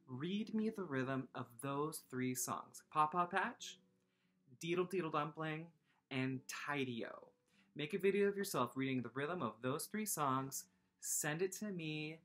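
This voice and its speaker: A woman's voice: low-pitched, fairly bright tone. A woman music teacher giving a playful online lesson to young children, teasing them and chanting rhythm syllables.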